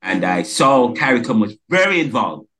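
A man's voice: mid-range voice, sing-song, normal speed, a bit bright, faint music behind. A man from the Caribbean hosting a podcast interview, talking emphatically and stressing single words with many restarts. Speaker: podcast host. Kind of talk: casual interview conversation.

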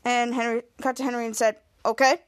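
A woman's voice: high-pitched, normal speed, fairly bright tone. A woman hosting a podcast, recapping a TV episode in a casual, rambling way, full of restarts, and acting out lines. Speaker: podcast host.

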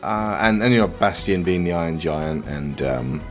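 A very deep-voiced man with a lively, swinging delivery muses through his points, pausing to find words. He is co-hosting a casual chat, with faint music in the background. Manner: musing, halting with fillers. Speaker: podcast co-host. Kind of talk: casual discussion.

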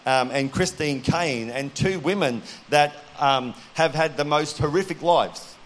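A middle-aged man delivers a sermon in an earnest, direct way, weaving personal stories into it. His voice sits slightly high for a man. He talks straight to the audience and asks them questions. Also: measured pace. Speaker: preacher.

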